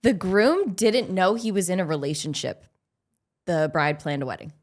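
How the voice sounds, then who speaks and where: A woman's voice: on the low side, lively intonation, moderate pace. A woman podcast co-host from Long Island, chatting casually in a blunt, profane way and laughing easily. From Long Island, New York. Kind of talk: casual chat.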